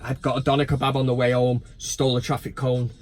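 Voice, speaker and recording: A man's voice: mid-range voice, monotone, fast. Blunt, sweary man. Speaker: football fan channel host. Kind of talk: casual vlog commentary.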